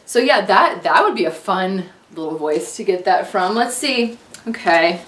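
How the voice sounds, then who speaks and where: A woman's voice: mid-range voice, roomy sound. A woman vlogging in a chatty, self-deprecating way. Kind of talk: casual comedic vlog.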